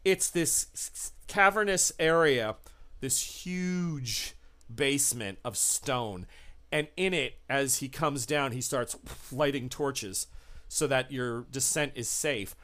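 A man running a tabletop horror game as game master, narrating scenes in an unhurried, descriptive way. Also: medium pitch, a bit bright. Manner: unhurried, descriptive, laughs with players.

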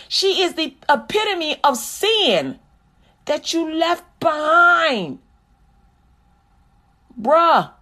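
Animated, high-voiced woman preacher. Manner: animated, conversational preaching with scripture recitation. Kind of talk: sermon.

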